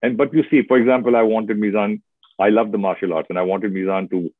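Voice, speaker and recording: A middle-aged man with an Indian English accent, an actor chatting in an interview, telling stories expressively with lively asides. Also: fairly low pitch, quick pace, no room sound. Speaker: actor guest. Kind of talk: casual interview chat. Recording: dry, tinny phone-like sound.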